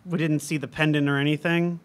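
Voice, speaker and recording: A man's voice: on the high side, level tone, a little fast. A man playing a tabletop game, asking questions and going along with his party. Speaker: player. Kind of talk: casual tabletop play.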